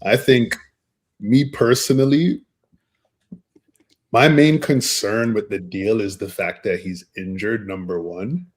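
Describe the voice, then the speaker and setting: A man's voice: lowish voice, slow, long pauses. A man from Canada on a football chat panel, giving long, frank, opinionated takes. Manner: opinionated, frank, reasoning at length. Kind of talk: casual football chat show.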